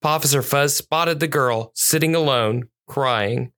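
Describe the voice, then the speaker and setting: A storyteller narrating a children's police story at a measured, clear pace. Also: medium pitch, fairly bright tone.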